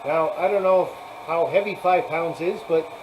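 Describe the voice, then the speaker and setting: A man's voice: on the high side, normal speed, dull audio, noisy background. A man hosting a casual live chat, rambling, laughing often and thanking viewers as he talks. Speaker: live stream host.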